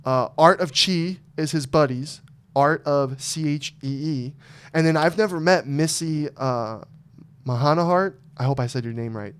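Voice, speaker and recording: Dude telling long rambling stories on his podcast, swears a lot, smooth clear voice. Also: on the high side, moderate pace, a bit bright. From Arizona. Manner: loose, profane, rambling storytelling. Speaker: podcast host. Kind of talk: casual podcast chat.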